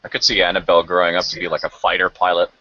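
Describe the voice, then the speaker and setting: A man's voice: low-pitched, completely flat delivery, racing, bright, forceful tone, no room sound. A man in a casual online chat, joking and teasing playfully. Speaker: debate participant. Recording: dry, dull lo-fi audio.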